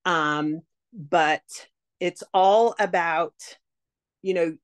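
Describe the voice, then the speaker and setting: A woman's voice: fairly low pitch, drawn-out words. A woman talking casually as a direct sales consultant, giving sales advice in a chatty way full of "like" and "um". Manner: chatty, heavy use of "like" and "um".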